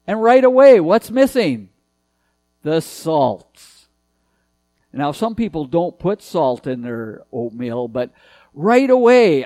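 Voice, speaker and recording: Male preacher, high voice, dry close sound, earnest and emphatic. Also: a little mellow, no echo. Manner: earnest, emphatic preaching with repeated key phrases. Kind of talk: sermon.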